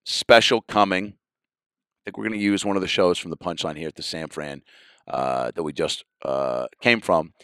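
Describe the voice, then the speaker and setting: A man, a comedian hosting his podcast solo, riffing loosely and crudely and breaking into sudden yelled bits. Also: low-pitched, normal speed, clean tone, no room sound, studio quality.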